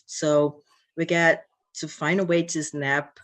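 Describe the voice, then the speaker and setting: Thoughtful, halting conversation host. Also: mid-range voice, level tone, fairly bright tone. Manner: thoughtful, halting, searching for words. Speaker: host and diversity company CEO. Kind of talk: casual reflective conversation.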